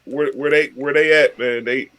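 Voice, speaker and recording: A man's voice: mid-range voice, fairly even intonation, normal speed, fairly bright tone. A man co-hosting a podcast in casual chat, wry, making jokey comparisons. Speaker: podcast co-host.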